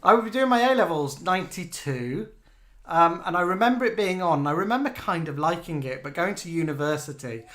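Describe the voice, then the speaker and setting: A chatty man in his forties with a slightly higher voice for his sex, co-hosting a relaxed live show. He tells self-mocking stories and reads out viewers' comments as he goes. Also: a little fast. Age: 40s. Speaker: co-host of a live online show. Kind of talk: casual chat reading out viewer comments.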